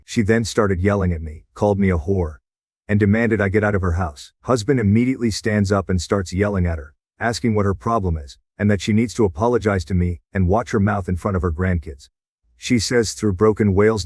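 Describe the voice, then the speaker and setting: A man narrating a reddit story as a scripted read, with a steady, even delivery. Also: on the low side, no room sound, clean studio sound.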